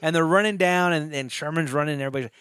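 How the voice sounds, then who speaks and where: A man's voice: a little high, very fast, fairly bright tone, clean tone, dry recording. A man casually retelling a movie plot, swearing often and acting out the characters' lines. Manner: profane, rambling, acts out characters' lines. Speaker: podcast co-host. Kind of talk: casual chat recapping a movie.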